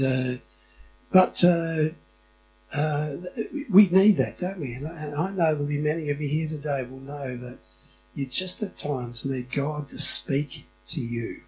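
A man's voice: on the high side, rough recording. A middle-aged man preaching a sermon in a church, chatty and often asking the congregation questions. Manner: conversational, asks the congregation questions. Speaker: pastor.

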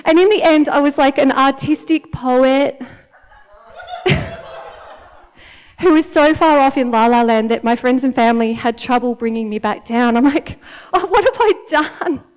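A woman in her thirties with an Australian accent, giving a chatty, animated sermon to a congregation and often laughing. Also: high voice, moderate pace, pauses often, clear, resonant tone. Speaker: church speaker. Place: church meeting in front of an audience.

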